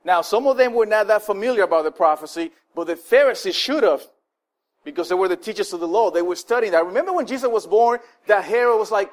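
A male pastor with a high voice preaches a sermon in a loose, conversational way, with lots of fillers and restarts. He is animated and acts out the people he quotes. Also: quick pace.

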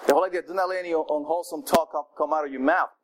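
A man preaching a sermon in a conversational, animated way, with asides to the congregation. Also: on the high side, rapid-fire, rough recording.

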